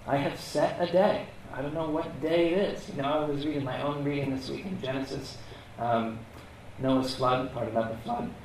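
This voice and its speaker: A man's voice: mid-range voice, fairly even intonation, normal speed, slight background noise. A man teaching a Bible lesson in a casual, conversational way, asking rhetorical questions and often checking in with "okay?". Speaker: preacher. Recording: echoey room, mic at a distance.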